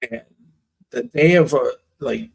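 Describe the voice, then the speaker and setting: A man's voice: mid-range voice, unhurried, gravelly. A middle-aged man telling stories in a blunt, profane, ranting way on a casual chat show.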